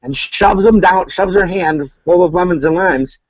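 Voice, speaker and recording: A man's voice: high-pitched, moderate pace, no room sound, lo-fi sound. A man co-hosting a podcast, telling a crude story in casual chat and laughing at his own punchlines. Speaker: podcast co-host.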